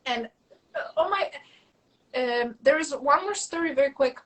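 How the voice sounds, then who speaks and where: A woman telling stories in a casual interview, animated and full of fillers and restarts, acting out quoted dialogue. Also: high-pitched, normal speed, rough recording. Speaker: guest.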